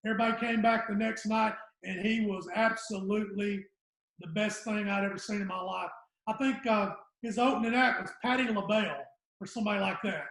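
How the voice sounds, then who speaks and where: Gravelly older man, high voice. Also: fairly even intonation, a little fast, a bit bright. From Southern United States. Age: 60s. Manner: rambling storyteller, trails off. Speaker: guest comedian. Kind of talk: casual podcast chat. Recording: echoey room.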